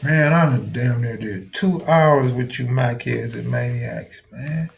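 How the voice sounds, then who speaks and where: A man's voice: mid-range voice, slow pace, gravelly. Blunt, profane man riffing on a live stream. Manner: blunt, profane, talks back to chat viewers. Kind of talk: casual live stream commentary.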